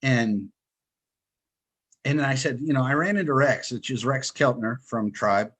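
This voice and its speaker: A man, a guest in an interview, telling his story with lively quoted dialogue. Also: mid-range voice, unhurried. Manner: animated storyteller, acts out quotes. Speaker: guest, online seller.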